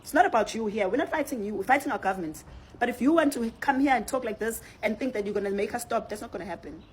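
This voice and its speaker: A woman with a South African accent, speaking to her audience in a forceful, confrontational monologue and hammering her points through repetition. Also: fairly high pitch, expressive, quick pace, slight background noise. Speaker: activist. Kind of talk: direct-to-camera monologue.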